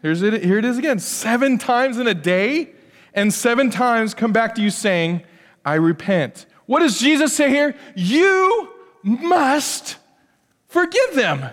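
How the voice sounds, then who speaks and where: A man preaching a lively sermon from the pulpit, his voice sitting high for a man. He drops into hushed asides, then climbs to loud, emphatic peaks. The sound carries a long reverb from the church hall around him. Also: moderate pace. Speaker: pastor. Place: church sanctuary.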